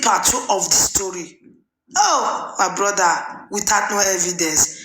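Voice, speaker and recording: A woman's voice: mid-range voice, a little slow, a bit bright. A woman with a Nigerian Pidgin accent hosting a casual call-in chat, teasing and mocking her caller with laughs and sing-song remarks. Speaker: host. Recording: echoey room with faint noise.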